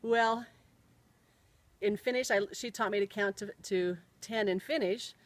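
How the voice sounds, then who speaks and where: A woman's voice: medium pitch, measured pace, no echo, rough recording. A middle-aged woman telling a personal story, spelling out words and sounds carefully as she goes.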